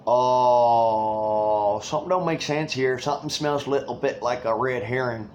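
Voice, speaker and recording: A man's voice: medium pitch, a little fast, dull audio, a little hiss or hum. Man with a drawl, ranting. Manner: angry, swearing, rambling. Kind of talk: profane political rant.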